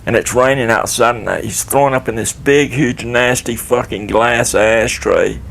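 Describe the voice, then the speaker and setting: A man's voice: mid-range voice, unhurried, vocal fry, fairly bright tone, a little hiss or hum. An older man telling a rambling, profane story in a laid-back, casual way.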